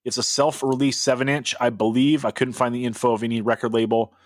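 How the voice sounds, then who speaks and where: A man's voice: mid-range voice, level tone, fast, no room sound, studio quality. A man co-hosting a music podcast, talking loosely with lots of fillers and casual swearing. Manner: loose and profane, heavy on filler words. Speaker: podcast co-host. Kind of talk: casual chat.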